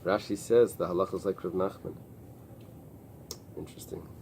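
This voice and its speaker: A man teaching a Talmud class, pausing and restarting often as he explains the text. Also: low voice, fairly even intonation, vocal fry, a little mellow, a little hiss or hum. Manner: explains in halting restarts with many fillers. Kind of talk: early-morning Talmud class. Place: synagogue study room with a small group.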